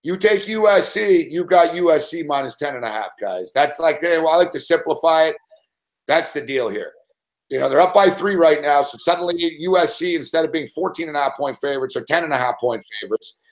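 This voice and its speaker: A man from Canada talks through game odds in a relaxed live betting show. His pitch sits a little higher than most men's. He keeps it simple and laughs often. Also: a little fast. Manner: explains picks plainly, laughs easily. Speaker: sports betting analyst. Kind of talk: casual live betting analysis.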